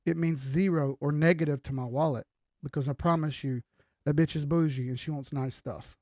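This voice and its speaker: A man's voice: on the high side, fairly even intonation, moderate pace, a little mellow, dry recording, clean studio sound. A young man hosting a crypto trading livestream, giving an emphatic, preachy, blunt pep talk with casual swearing.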